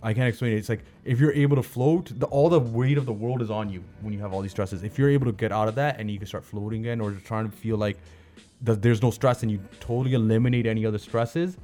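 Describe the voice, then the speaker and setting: A man's voice: lowish voice, fast, warm tone, soft background music. A man from Canada, a comedian and chef, telling stories as a guest in a casual interview, loose and slangy with many restarts.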